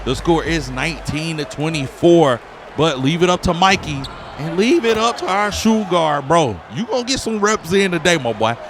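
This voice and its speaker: Hype gravelly-voiced man calling a game. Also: fairly high pitch, expressive, normal speed. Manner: hype, slangy, shouts and sings along with the play. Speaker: gaming YouTuber. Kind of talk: casual game commentary. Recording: loud game music behind the voice.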